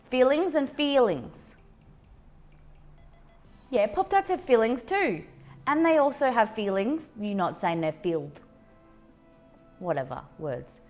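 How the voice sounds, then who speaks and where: Hosting a casual live cooking stream, a woman reads viewer messages aloud, rambling chattily and laughing at her own slips. Her mid-range voice is animated but measured in pace. Faint music plays in the background.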